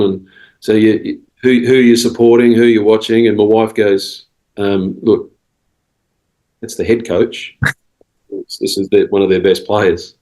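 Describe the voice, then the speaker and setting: Australian man, low voice, rambling storyteller, podcast guest, acts out quoted dialogue. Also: warm tone, low-quality recording. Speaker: cricket head coach, podcast guest. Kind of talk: casual storytelling interview.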